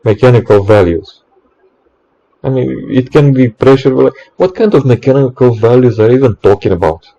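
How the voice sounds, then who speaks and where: A man's voice: mid-range voice, a little fast, gravelly, hardly any pauses, dark tone, lo-fi sound. A man, an electrician, in an exasperated ranting monologue, swearing often and stumbling over restarts.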